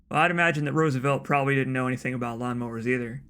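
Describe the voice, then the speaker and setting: A man's voice: mid-range voice, fairly even intonation, very fast, hardly any pauses, a bit bright, clear, resonant tone. A man hosting a let's play, giving casual, wry commentary with stammered restarts.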